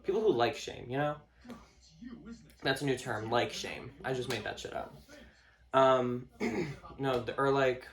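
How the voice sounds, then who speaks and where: A man vlogging a casual rant to camera, swearing often, packing his talk with fillers and mocking other people in a higher voice. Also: expressive, measured pace, pauses often. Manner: profane, filler-heavy, mocks others in a higher voice.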